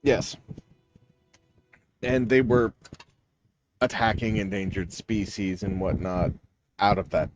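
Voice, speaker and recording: A man narrating as game master in a tabletop game, explaining things haltingly with many fillers. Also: on the low side, music in the background.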